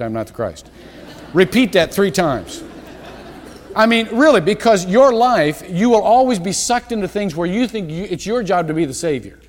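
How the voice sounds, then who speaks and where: A man's voice: sits high, a little mellow. A male pastor preaching a sermon in a church, rambling and interrupting himself with asides and chuckles. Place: church sanctuary. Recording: church hall reverb.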